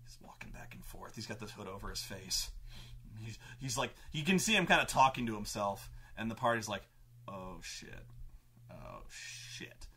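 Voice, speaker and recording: A man's voice: on the low side, animated, a little fast, bright, forceful tone, breathy edge. A man telling a rambling, profane story about a tabletop campaign he ran as game master.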